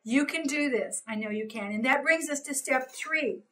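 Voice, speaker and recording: A woman's voice: high-pitched, normal speed, sharp tone, poor audio. A middle-aged woman giving a recorded training talk, coaching with many fillers and restarts. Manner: coaching, gestures while explaining, many fillers.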